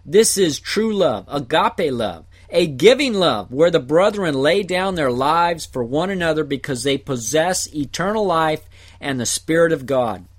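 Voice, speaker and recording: A man teaching a Bible passage verse by verse, explaining Greek words in short, deliberate phrases. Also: a little high, lively intonation. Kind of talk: slow verse-by-verse Greek word study.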